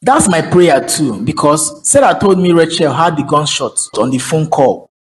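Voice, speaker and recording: A man's voice: on the high side, expressive, normal speed, lightly acted, poor audio. A man voicing a concerned young friend in a cartoon, asking probing questions. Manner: probing, earnest.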